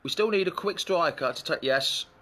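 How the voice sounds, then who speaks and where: Lively man hosting a fan chat. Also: on the high side, normal speed. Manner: chatty, rambling, breaks off to greet commenters. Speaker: fan show host. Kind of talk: live fan chat, reading viewer comments.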